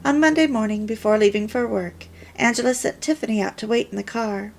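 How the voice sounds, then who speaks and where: A woman reading a story aloud in a deliberate, measured way. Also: a little high, vocal fry, a little mellow, slight background noise. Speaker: reader of a homemaking course.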